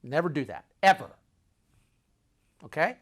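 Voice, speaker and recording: A man recounts a personal travel story in a dramatic, sing-song way, a little slowly, repeating phrases often. He swings between loud urgency and hushed, low asides.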